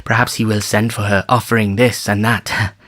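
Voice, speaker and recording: A man's voice: fairly low pitch, flat delivery, normal speed, fairly bright tone, close to an everyday voice. A man voicing a proud, scheming old chief who bargains and complains.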